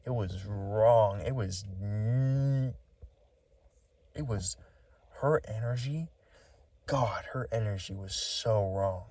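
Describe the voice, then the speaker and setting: Low, mellow-voiced rambling male vlogger. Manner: rambling, halting, lots of fillers. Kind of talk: casual storytelling vlog.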